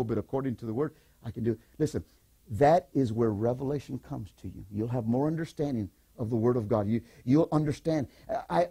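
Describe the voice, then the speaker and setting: An older man preaching a sermon as pastor, animated, repeating phrases and calling the congregation to respond. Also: mid-range voice, slightly rough.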